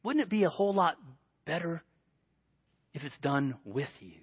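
High-voiced man preaching a sermon. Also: very animated, normal speed, husky, muffled recording. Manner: earnest, drops to a hushed voice for quoted prayers.

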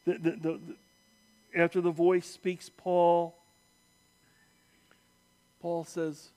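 Male preacher, slow deliberate delivery, pauses for effect. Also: a little high, completely flat delivery, dark tone. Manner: slow, emphatic, with dramatic pauses and quoted voices. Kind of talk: sermon.

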